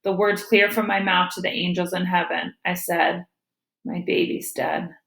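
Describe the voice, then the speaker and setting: A woman teacher reading a novel aloud to her students with gentle storytelling. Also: lowish voice, flat delivery, normal speed, vocal fry, reverberant, poor audio.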